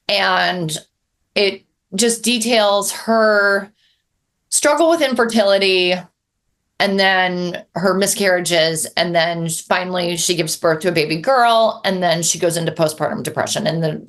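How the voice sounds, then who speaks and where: A woman's voice: on the low side, fairly bright tone. Candid, earnest middle-aged woman author. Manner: earnest, candid, talks with many fillers and restarts. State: getting emotional. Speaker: author being interviewed. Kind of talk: live onstage conversation.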